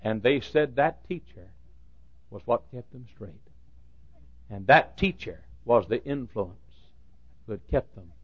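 A man in his fifties preaching a sermon, dropping to a hushed storytelling voice and then rising to fervent shouts. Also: mid-range voice, husky, no room sound, muffled recording. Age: 50s. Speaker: pastor.

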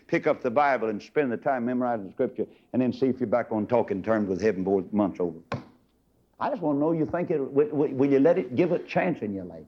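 An older man preaching a fiery, emphatic sermon, swinging from loud high bursts down to low murmurs. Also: animated, quick pace. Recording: dull lo-fi sermon tape.

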